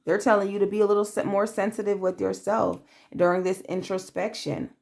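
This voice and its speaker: Blunt woman tarot reader, casual and profane, mid-pitched. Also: fairly even intonation, brisk, gravelly, darkish tone. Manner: blunt, profane, streetwise, calls listener babe; acts out quoted voices. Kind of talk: casual tarot reading to camera.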